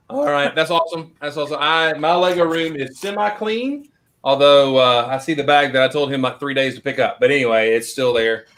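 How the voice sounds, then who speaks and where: A man's voice: on the high side, fairly quick, fairly bright tone. A man hosting a casual video chat who rambles through stories and laughs often. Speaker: host.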